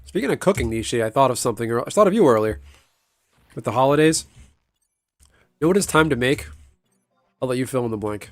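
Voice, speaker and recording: A man's voice: medium pitch, animated, a little fast, pauses often, dry recording. Rambling, profane man chatting. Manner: rambling and profane, laughs often. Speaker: streamer. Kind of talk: casual chat while gaming.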